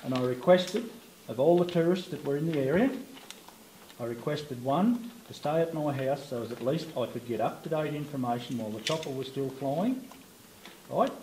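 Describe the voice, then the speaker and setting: A frustrated local man makes his points emphatically at a community meeting. His voice is dark and mellow, and it rings in an echoey hall. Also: mid-range voice, normal speed, a little hiss or hum.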